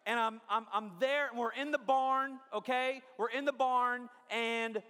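A man preaching a sermon in a lively, joking way, often checking in with the crowd. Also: extremely high pitch, a little slow, clean tone, in a large hall. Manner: animated, jokey, asks the crowd often. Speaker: pastor. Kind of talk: sermon with storytelling. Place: large church hall.

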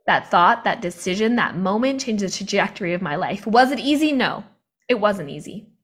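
A woman's voice: mid-range voice, lively intonation, normal speed, fairly bright tone, husky. A young woman in live online training mode, impassioned and confiding, talking into a video call mic and laughing often between points. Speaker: motivational coach.

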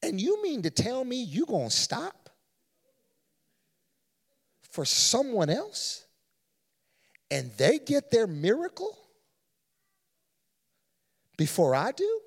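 A man's voice: very high voice, huge pitch swings, slow pace, pauses often, slightly rough, heavily acted. A preacher playing Jairus, a desperate father. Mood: aggrieved. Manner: quiet, pleading, indignant. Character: Jairus, anxious desperate father and synagogue leader. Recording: long reverb of a large church.

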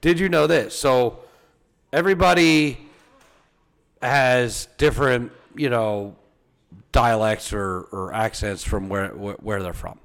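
A man's voice: medium pitch, creaky, a bit bright, clean tone. A man co-hosting a podcast, trading crude jokes in casual banter. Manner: crude, joking, drawn-out delivery. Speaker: podcast co-host.

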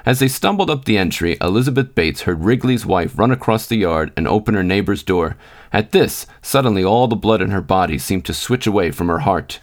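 Male narrator, low voice, measured storytelling. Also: lively intonation. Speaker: podcast host. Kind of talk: scripted narration.

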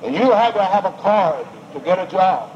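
A man's voice: sits high, expressive, normal speed, a little mellow. A man preaching a sermon with emphatic, rising and falling delivery and repeated phrases. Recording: dull lo-fi recording with faint noise.

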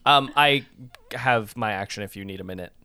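A tabletop game player who thinks out loud with "um" and gets excited over dice rolls. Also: medium pitch, moderate pace, clear, resonant tone, dry recording. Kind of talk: casual tabletop game chat.

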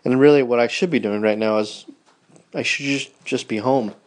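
A man's voice: mid-range voice, normal speed, a little hiss or hum. Casting note: a sleepy man in his thirties with a mid-range voice, talking in a loose, tender, rambling way to his wife. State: tired, yawning. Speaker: podcast host. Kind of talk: personal audio diary to his wife.

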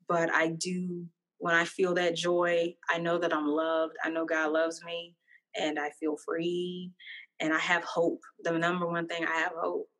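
A woman's voice: on the low side, completely flat delivery, a little slow, fairly bright tone. A woman in casual chat, speaking earnestly and reflectively about faith, joy and hope.

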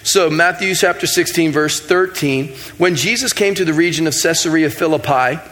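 A man's voice: on the high side, moderate pace, a bit bright. A man preaching a sermon in a casual, self-mocking, conversational way, acting out bits of dialogue as he tells stories. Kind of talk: sermon with storytelling.

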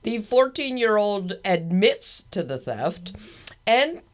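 A woman's voice: mid-range voice, big pitch swings, slow. A woman co-hosting a casual podcast, reading odd news stories with a playful, teasing manner and frequent laughter. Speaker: podcast co-host.

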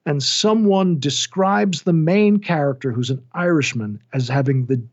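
Middle-aged male narrator, animated and self-deprecating, slightly high voice, muffled lo-fi audio. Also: unhurried. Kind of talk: casual interview chat. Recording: dull lo-fi sound.

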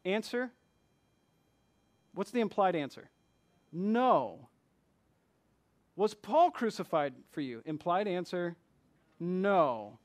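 A man with a notably high voice delivers a conversational sermon as pastor. He talks to the congregation like a friend, firing off rhetorical questions and jumping from hushed asides to loud, emphatic bursts. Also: big pitch swings, slow, long pauses.

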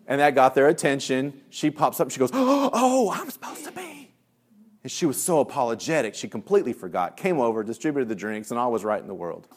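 Animated man telling classroom stories. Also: medium pitch, fast, hardly any pauses. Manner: lively storyteller who acts out voices; laughs at his own jokes. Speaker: parenting and discipline trainer. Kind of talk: animated workshop talk with stories.

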